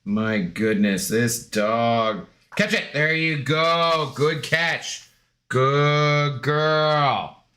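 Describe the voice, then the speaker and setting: A man's voice: a little high, bright, forceful tone. A man streaming a game in casual, rambling chat, joking with his dog and greeting viewers.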